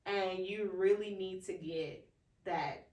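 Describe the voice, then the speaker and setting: A woman's voice: medium pitch, fairly even intonation, takes it slowly, a little mellow. A woman co-hosting a podcast in casual, emphatic, slangy chat. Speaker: podcast co-host. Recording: roomy, distant from mic.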